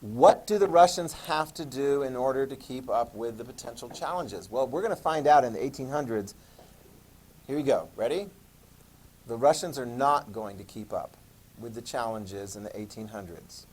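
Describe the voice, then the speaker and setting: Male teacher lecturing a class; lively, joking, questioning students. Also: medium pitch, normal speed, poor audio. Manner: animated, talks to students, jokes and asks questions. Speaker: history teacher.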